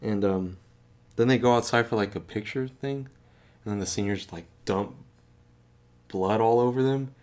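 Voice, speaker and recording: A man's voice: fairly low pitch, moderate pace, pauses often, darkish tone. A man casually retelling a movie he watched, swearing a lot, laughing and acting out the characters' lines. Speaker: podcast co-host.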